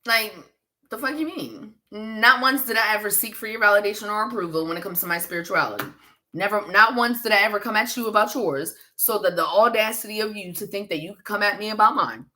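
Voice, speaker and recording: This woman speaks at a medium pitch and a quick pace, her voice pushed and bright. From Pennsylvania, she livestreams as a psychic reader, casually and bluntly answering viewer comments with plenty of swearing and laughter.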